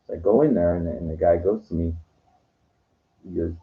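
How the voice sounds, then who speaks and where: A man telling meandering personal stories, filled with "you know" and often trailing off quietly. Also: low voice, moderate pace, long pauses, phone-quality sound. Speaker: vlogger. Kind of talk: rambling personal storytelling. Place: lives in Los Angeles.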